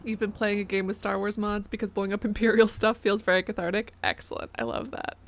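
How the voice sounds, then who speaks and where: This young woman's voice is medium-pitched and quick as she gives casual live commentary on the game she's streaming. She chats, giggles, reads out donations, and lets out a yelp when startled.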